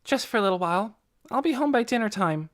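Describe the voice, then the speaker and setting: A man's voice: sits high, expressive, fast talker, fairly bright tone, voice pushed up. Lena, a fierce young girl, as a man puts her on. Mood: insistent. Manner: pressing, accusing. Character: indignant determined young girl.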